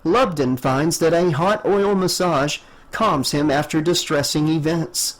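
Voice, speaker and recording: A man voicing a polite male android who speaks in a formal, monotone yet soothing way. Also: fairly high pitch, measured pace, natural voice, poor audio. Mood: courteous.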